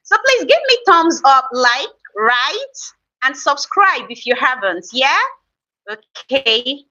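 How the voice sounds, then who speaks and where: A woman's voice: high-pitched, sing-song, slow pace, pushed and bright, recorded from a distance. A woman with a Nigerian accent hosting a casual live stream, chatting with viewers and teasing them as she reads their comments aloud. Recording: slightly dull lo-fi stream audio.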